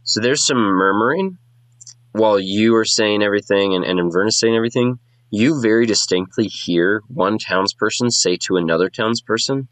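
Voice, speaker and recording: A man's voice: fairly low pitch, a bit bright, no room sound, rough recording. A man running a tabletop game as game master, talking casually with plenty of fillers. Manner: casual, quick, lots of fillers.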